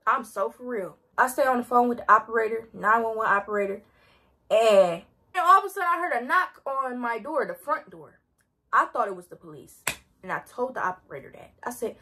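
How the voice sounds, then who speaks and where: A teenage girl vlogger telling a story in a dramatic, slangy, animated way. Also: on the high side, brisk, slightly rough. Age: teens. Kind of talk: storytime vlog.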